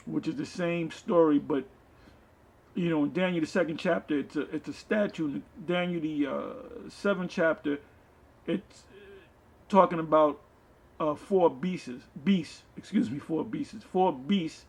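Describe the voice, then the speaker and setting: Gravelly man preaching on scripture. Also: a little high, a little mellow. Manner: reads verses aloud, then explains them loosely with fillers. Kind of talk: scripture teaching.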